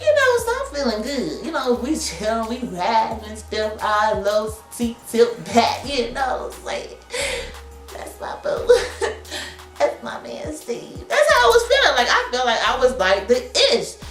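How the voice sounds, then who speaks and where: A woman in her thirties telling a story to camera in a slangy, animated way, laughing often. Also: fairly high pitch, unhurried, roomy sound, soft background music. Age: 30s. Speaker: vlogger. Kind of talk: casual storytelling.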